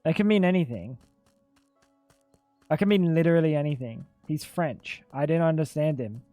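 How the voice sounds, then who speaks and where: Slightly high and mellow, this man's voice moves at a moderate pace over faint background music, with no echo. He's a gaming streamer keeping up a chatty live commentary, swearing a lot and repeatedly saying "dude."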